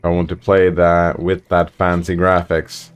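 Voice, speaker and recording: A man's voice: sits low, monotone, measured pace, clear, resonant tone. A man streaming a game, chatting casually and reading out viewer messages in a laid-back way. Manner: laid-back, chatty, reads chat aloud. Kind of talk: casual gameplay commentary.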